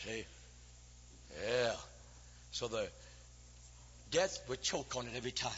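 A man's voice: medium pitch, slow pace, a bit bright, husky. An older man preaching a folksy, humorous Baptist sermon, telling stories and breaking into a chanted cadence, recorded in a church. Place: church sanctuary. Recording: lo-fi hall recording with long reverb.

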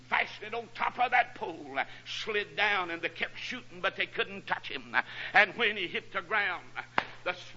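Fiery preacher, lo-fi radio. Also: male voice, sits high, slightly rough. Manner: punctuates phrases with "uh", rising to shouts. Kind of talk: fiery revival sermon. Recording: dull lo-fi radio broadcast.

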